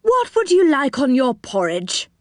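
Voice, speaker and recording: A cheerful round-faced magic fellow chats eagerly and politely, as a woman puts him on. His voice sits higher than the narration, and the recording is dry and close. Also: wildly swooping pitch, a little slow, dry recording, full character voice. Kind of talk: storybook reading.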